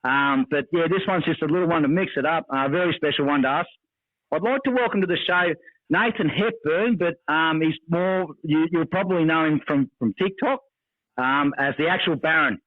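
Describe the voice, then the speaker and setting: A man's voice: on the high side, moderate pace, no echo. Australian man on a tinny dry line. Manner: rambling, hesitant, swears casually. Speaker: podcast host. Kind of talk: casual chat. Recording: dry, tinny phone-like sound.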